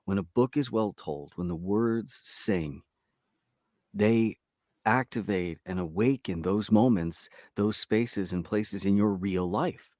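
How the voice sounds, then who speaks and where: A man with a lowish voice speaks in a relaxed interview chat, recorded dry and close with little room sound. He talks like a storyteller, with an expressive and lively delivery. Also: slow pace, no echo. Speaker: audiobook narrator guest.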